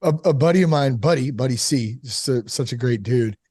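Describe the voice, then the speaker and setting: A man casually telling a candid personal story about fatherhood and recovery, animated, full of "like" and "you know". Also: mid-range voice, a little fast, breathy edge, dry recording, studio quality. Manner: candid, animated, acts out quoted voices; frequent fillers like "like" and "you know". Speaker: sober father on a recovery podcast.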